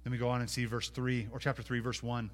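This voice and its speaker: A man preaching from the pulpit in a mid-pitched voice. He swings from loud, emphatic bursts to hushed, intimate asides. He voices the biblical speakers in first person as he goes. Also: fast talker. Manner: animated, swinging between loud emphatic peaks and quiet asides. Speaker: pastor. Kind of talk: sermon.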